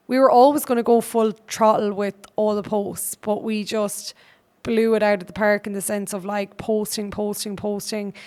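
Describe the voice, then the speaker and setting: Smooth-voiced Irish woman telling a story. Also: medium pitch. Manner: chatty, run-on anecdote telling. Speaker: podcast host. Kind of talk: casual storytelling monologue.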